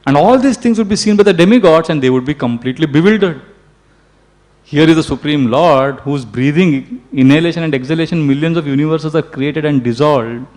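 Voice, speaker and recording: A man, a preacher telling a devotional story in an animated way. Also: fairly high pitch.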